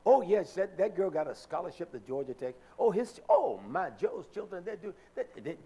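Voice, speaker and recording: A man's voice: high-pitched, animated, warm tone, slightly rough. A man mimicking a smug humming older woman. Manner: drawn-out humming mm-hmms. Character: complacent older woman, sister, gossiping.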